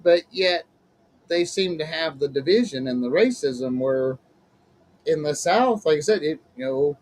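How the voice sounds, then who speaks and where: A man's voice: a little high, a little mellow, a little hiss or hum, rough recording. A man hosting a casual chat as a minister, folksy and chatty, laughing often. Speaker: host, minister.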